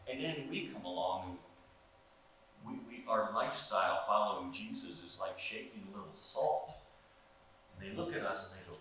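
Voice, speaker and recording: An older man preaching a sermon in a church, animated and folksy, asking the congregation questions. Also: fairly low pitch, moderate pace. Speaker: pastor. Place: church sanctuary. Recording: very echoey church room, distant mic, faint hiss.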